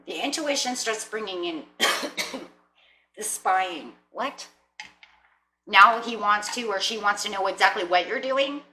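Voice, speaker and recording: A woman giving a casual tarot reading, chatty, often clearing her throat and checking in with "right?" and "you know?". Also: medium pitch, lively intonation, a little slow, pauses often, pushed and bright, slight background noise. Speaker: tarot reader. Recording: roomy echo.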